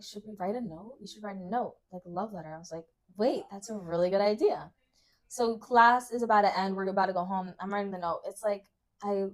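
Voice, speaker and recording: A young woman co-hosting a casual chat, dramatically retelling embarrassing stories from her school days. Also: medium pitch. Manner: animated, laughing, dramatic retelling. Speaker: co-host.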